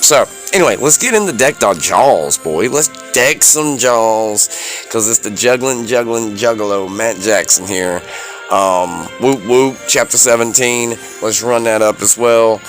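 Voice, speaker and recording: Rambling, excitable man reviewing wrestling. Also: fairly low pitch, a little slow, faint music behind. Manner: excitable, rambling, lots of ums and swearing. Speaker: podcast host reviewing wrestling shows. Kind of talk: casual review chat.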